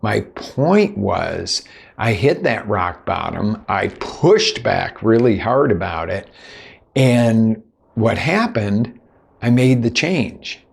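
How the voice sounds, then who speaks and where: A man's voice: lowish voice, big pitch swings, slow, vocal fry, husky. A man working as a life coach, telling a personal story in a conversational, sarcastic way and acting out what other people said. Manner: conversational, lots of "you know". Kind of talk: motivational storytelling monologue.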